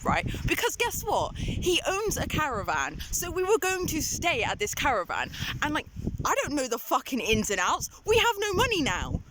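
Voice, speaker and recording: Filming herself on a phone, a young woman vlogger rants about her own story in a rambling, emotional, animated monologue full of restarts. She speaks at normal speed in a voice that sits high. She starts outdoors and ends up in a dark public bathroom, and the phone video picks up loud background noise.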